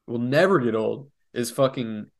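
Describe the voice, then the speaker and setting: A young man co-hosts a relaxed podcast. He thinks aloud in long, looping sentences full of restarts, and his voice sits in a plain middle pitch. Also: moderate pace. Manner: rambling, reflective, full of restarts. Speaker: podcast co-host, comic artist. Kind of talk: casual podcast banter.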